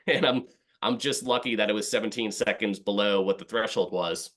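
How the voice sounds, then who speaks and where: Upbeat low-voiced man telling stories. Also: steady tone, a little fast, a bit bright. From Boston. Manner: rambling, self-deprecating, acts out his past thoughts. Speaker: podcast guest. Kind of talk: casual storytelling.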